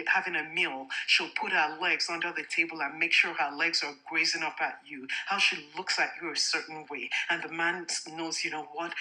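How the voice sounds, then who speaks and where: A woman's voice: low-pitched, pushed and bright, poor audio. A woman hosting a casual faith-based talk on relationships, speaking frankly and emphatically with rhetorical questions. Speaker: podcast host.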